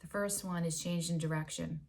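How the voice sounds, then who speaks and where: Woman, low voice, spiritual vlog, oracle card reading, earnest, gushing, drawn-out words, soft whispers. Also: fairly even intonation, vocal fry. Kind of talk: casual spiritual vlog talk.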